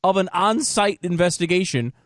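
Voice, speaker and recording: A man's voice: high voice, expressive, normal speed, a bit bright, dry recording, studio quality. A male radio co-host who teases the host and reads news items aloud. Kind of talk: political talk radio. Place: radio studio.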